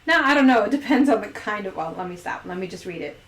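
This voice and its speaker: A woman's voice: mid-range voice, lively intonation, quick pace, fairly bright tone, reverberant. Playful giggly woman hosting a stream. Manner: playful, giggly, reads poll questions aloud. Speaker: host. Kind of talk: casual livestream chat.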